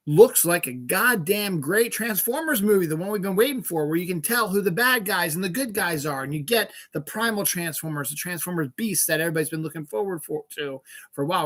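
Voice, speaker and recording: A man's voice: fairly high pitch, pushed and bright. A man hosting his own podcast, chatting in a loose, rambling way with many fillers. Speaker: podcast host. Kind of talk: casual solo chat.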